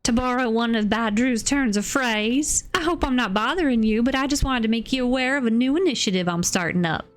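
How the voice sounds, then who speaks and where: A woman's voice: fairly high pitch, brisk, voice pushed up, lightly acted. Folksy rancher villager, read by a woman streamer. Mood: friendly. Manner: plain read-aloud of game dialogue.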